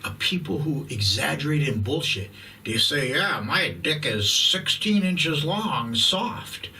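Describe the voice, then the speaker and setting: A man in his fifties delivers a blunt, profanity-laced rant, stretching his words out for emphasis. His voice sits a little high for a man and has a bright, forceful edge. He sounds a bit distant from the microphone. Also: slight background noise. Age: 50s. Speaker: YouTube host. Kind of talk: profane ranting monologue.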